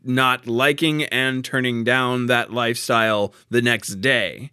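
Guy chatting about a play, bright crisp voice, laughs a lot, dry sound. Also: medium pitch, steady tone, takes it slowly, no echo. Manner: laughs often, restarts sentences. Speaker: podcast co-host discussing a play. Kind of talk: casual chat.

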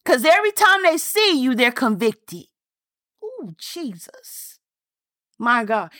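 A woman pastor speaks at normal speed in a high, sing-song, slightly bright voice, preaching fervently with repeated points and rhetorical questions. Her phrasing is folksy and Southern-style, with y'all and ain't. It's studio quality with no echo.

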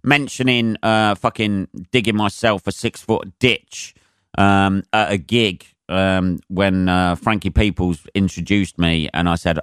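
Male comedian-podcaster, profane rambling rant, lowish voice, dead-dry sound. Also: steady tone, unhurried, a bit bright, smooth, no room sound.

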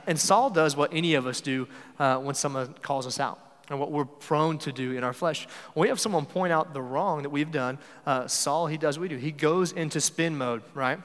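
A man's voice: on the high side, fairly quick, big-room sound. A man preaching a sermon in a conversational way, often acting out the lines he quotes.

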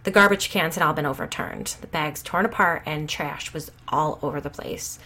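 Low-pitched woman narrator, dry and wry, conversational storytelling. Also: moderate pace, pushed and bright, slight background noise.

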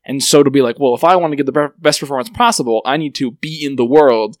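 A man's voice: medium pitch, fast talker, dry recording. Joking male podcast host, dry sound. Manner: rambling, joking, laughs often. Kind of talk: casual chat.

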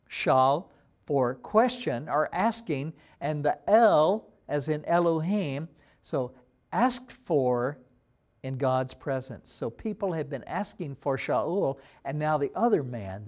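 A man preaching a sermon as pastor, teaching slowly and acting out quoted lines with dramatic emphasis. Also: on the high side, darkish tone. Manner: slow, deliberate teaching with dramatic voiced quotes. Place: church.

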